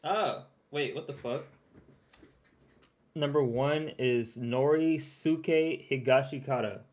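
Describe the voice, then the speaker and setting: A man's voice: mid-range voice, slow pace, darkish tone. Laughing, chatty young man reacting. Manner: chatty, laughs often, repeats words and restarts. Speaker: streamer reacting to a recap video. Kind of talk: casual reaction stream.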